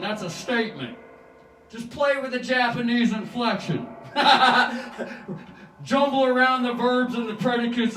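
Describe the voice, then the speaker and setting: A man's voice: high voice, bright, forceful tone, slight background noise. A man in a rambling, profane, free-associating spiritual monologue. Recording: echoey room, far from mic, guitar music.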